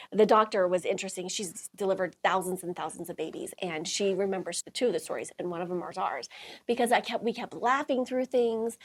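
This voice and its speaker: A middle-aged woman with a slightly husky voice tells a personal story to a small group. She laughs often and acts out what other people said. Her pitch sits in the middle range. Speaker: host. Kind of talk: storytelling talk to a small audience.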